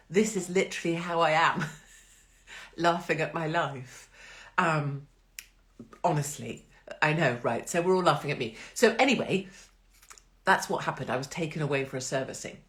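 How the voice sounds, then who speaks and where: Woman, middle-aged, low voice; chatty live-stream host, sarcastic, frequent laughter. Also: normal speed, fairly bright tone. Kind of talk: casual live-stream chat.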